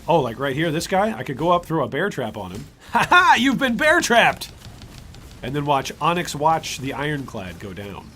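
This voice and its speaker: A man streaming gameplay, chatty and animated, commenting on his build and answering chat. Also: mid-range voice, brisk, few pauses, slight background noise. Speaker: streamer, game host.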